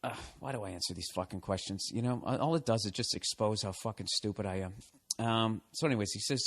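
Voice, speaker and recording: A man's voice: fairly low pitch, fairly quick, fairly bright tone. A man, a podcast host, reading out a listener email and answering it with rambling, profane sarcasm.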